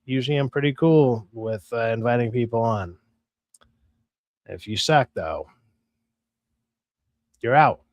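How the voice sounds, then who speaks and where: A man's voice: medium pitch, moderate pace, pauses often, a little mellow, dry recording, dull audio. Man hosting a stream, casual and profane, dry close mic. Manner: loose, profane, joking. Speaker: stream host. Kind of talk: casual live-stream chat.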